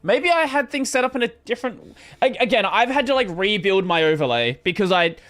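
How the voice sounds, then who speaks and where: A man livestreaming a game, talking in a loose, rambling way and swearing as he plays. His voice sits high and bright, and it swings up and down a lot. Quiet game music plays underneath. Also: fairly quick. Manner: rambling, swears casually, animated. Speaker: streamer. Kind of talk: casual gameplay livestream chat.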